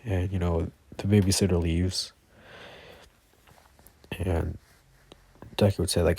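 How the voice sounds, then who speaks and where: Brief: rambling male storyteller, casual, low monotone, husky. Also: slow, pauses often, no echo. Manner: rambling, lots of fillers and self-corrections. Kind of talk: casual improvised fan storytelling.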